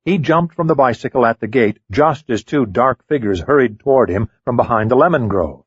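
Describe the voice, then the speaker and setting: A man reading a mystery audiobook in measured, scripted narration. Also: medium pitch, animated, husky, no echo, lo-fi sound.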